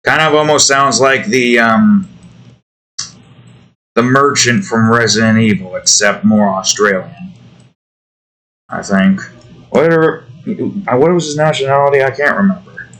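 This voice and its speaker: A man's voice: medium pitch, a little slow, long pauses, a bit bright. A tired man rambling and grumbling to himself in casual commentary while he builds a game. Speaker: game developer vlogger.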